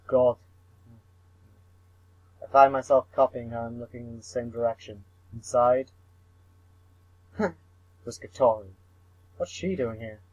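A man's voice: mid-range voice, warm tone, no echo, muffled recording. A young man reading a visual novel aloud for laughs, mumbling, tripping over words and swearing at himself. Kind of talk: comic read-through of a visual novel.

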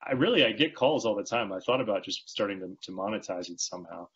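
A male magazine writer talking as a podcast guest in casual interview chat, telling rambling, animated stories with many restarts. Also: lowish voice, fast talker, breathy edge, dull audio.

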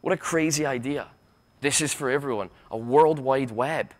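A Scottish man with a Glaswegian lilt gives a conference keynote in a fired-up, sarcastic way, and he does not hold back on the swearing. His voice sits at an ordinary middle pitch. He trips over his own words in quick restarts as he pushes his points. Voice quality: sarcastic, blunt, swears freely. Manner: impassioned, stammering restarts, rapid asides. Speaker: keynote speaker. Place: university conference hall.

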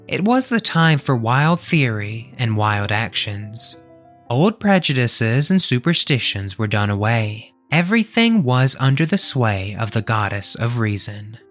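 A man storytelling on his own podcast, voice rising and falling with lots of movement in his pitch. His reading is expressive, and soft music plays faintly behind him. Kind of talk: reading a classic tale aloud.

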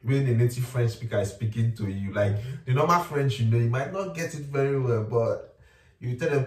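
A young Nigerian man in a relaxed casual chat who repeats words and slips into pidgin. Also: medium pitch, fairly quick, far from the mic. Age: young adult. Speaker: co-host. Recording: roomy, a little off-mic.

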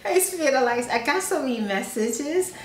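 A woman's voice: high-pitched, lively intonation, unhurried, echoey room, slight background noise, rough recording. A woman vlogger who chats casually and giggles often while reading fan messages aloud, sounding sleepy. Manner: chatty, giggly, self-teasing. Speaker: ASMR vlogger.

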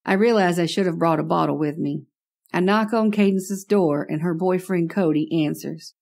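A woman's voice: fairly low pitch, normal speed, creaky, a little mellow. A woman narrating a first-person horror story in a wry, conversational way.

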